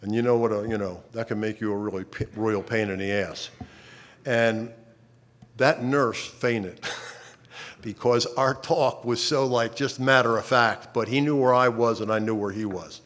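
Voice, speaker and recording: An older man giving a personal testimony to a conference, speaking conversationally with wry humor and halting restarts. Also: fairly low pitch, fairly even intonation, fairly bright tone. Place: conference stage.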